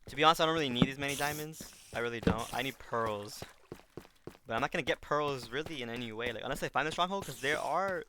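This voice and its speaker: A man's voice: medium pitch, quick pace. A young man rambling casually while playing a game on stream, often restarting his sentences as he thinks aloud. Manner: rambling, self-correcting, talks while playing. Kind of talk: casual gaming stream chat. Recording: loud background noise with clicks.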